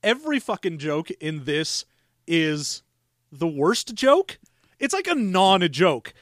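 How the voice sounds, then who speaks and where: A man's voice: fairly high pitch, very animated, slow, a bit bright, dry recording, studio quality. A man co-hosting a podcast in casual chat, exasperated and swearing, breaking into silly voices. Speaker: podcast co-host.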